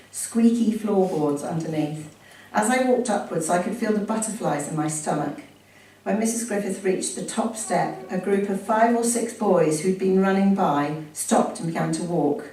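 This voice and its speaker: A woman's voice: medium pitch, warm tone. Chatty woman reading aloud in an echoey room. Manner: chatty, with laughs and self-corrections. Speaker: reader sharing a family story. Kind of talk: casual chat and reading aloud from a book. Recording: echoey room from far off, faint ambience.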